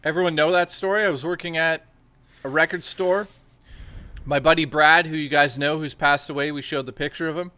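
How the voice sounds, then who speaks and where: A man's voice: fairly high pitch, fairly even intonation, brisk, sharp tone, no room sound. A man hosting a stream, telling rambling, profane anecdotes in casual chat and acting out the quotes. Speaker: stream host.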